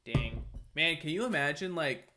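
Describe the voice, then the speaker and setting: A man's voice: a little high, animated, normal speed, music in the background. A man co-hosting a TV aftershow in casual chat, rambling through jokey tangents. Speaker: aftershow co-host.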